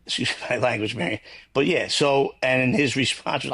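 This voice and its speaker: A man's voice: medium pitch, normal speed, gravelly, a bit bright, slightly rough. A man, a guest in a casual interview, talking bluntly in long, rambling runs and swearing freely. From New York.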